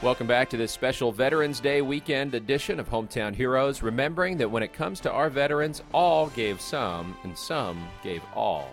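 A man's voice: mid-range voice, animated, moderate pace, hardly any pauses, over music. A male radio host reading introductions and ad copy in a polished delivery. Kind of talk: radio show hosting.

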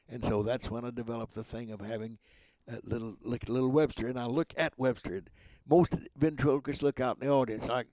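A man in his nineties, a voice actor, telling rambling, lively anecdotes in an interview, with many restarts. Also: mid-range voice, quick pace, dry recording. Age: 90s. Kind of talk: casual storytelling interview.

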